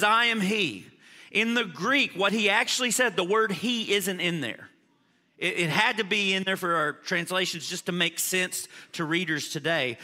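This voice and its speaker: High, bright-voiced preacher in a hall. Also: male voice. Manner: animated preaching, swings from loud emphasis to quiet asides. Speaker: pastor. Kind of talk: sermon.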